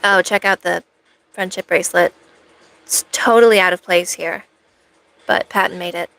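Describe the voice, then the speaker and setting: A woman's voice: on the low side, steady tone, normal speed, gravelly, a bit bright, rough recording. A woman chatting casually with viewers on a cosplay live stream, rambling along with playful, self-mocking asides.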